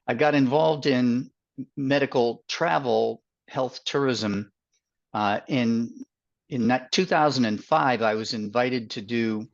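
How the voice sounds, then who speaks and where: An older man with a Boston accent, speaking as a guest consultant on a webinar over a video call, with many fillers and pauses. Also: mid-range voice, creaky. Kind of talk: webinar interview. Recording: dull lo-fi audio.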